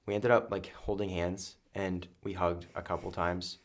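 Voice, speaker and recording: A young man with a notably deep, low-pitched voice chats casually as a podcast guest. He rambles earnestly, leaning on fillers as he tells his story. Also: flat delivery, moderate pace. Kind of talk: casual chat.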